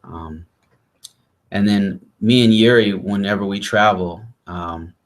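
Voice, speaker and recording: A young man in a casual chat, telling a travel story with lively quoted voices and restarts. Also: fairly low pitch, slow pace. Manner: animated, acts out quotes of others. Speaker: vlog host.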